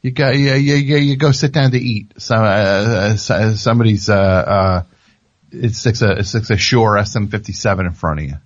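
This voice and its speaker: A man's voice: lowish voice, moderate pace, no room sound, lo-fi sound. A man hosting a podcast from a studio, rambling and joking as he talks into the microphone. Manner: rambling, jokey, self-interrupting. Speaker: podcast host. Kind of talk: casual radio-style monologue. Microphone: studio microphone with headphones.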